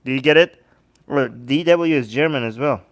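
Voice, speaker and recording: A man hosting a livestream, reacting to videos with sarcastic, animated commentary and talking to his chat. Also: medium pitch, normal speed. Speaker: livestream host.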